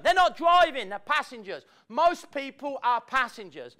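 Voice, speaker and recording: A man's voice: very high voice, very animated, normal speed, few pauses, bright, forceful tone. A man giving a motivational talk to a live audience in an event room, playful and acting out the people he quotes. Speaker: motivational speaker.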